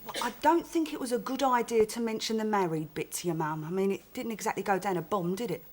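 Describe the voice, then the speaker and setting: A woman's voice: mid-range voice, fast, darkish tone, a little hiss or hum, lightly acted. An actress playing a sarcastic, bawdy woman. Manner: wisecracking, sarcastic. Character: sardonic, bawdy London woman, the boy's auntie.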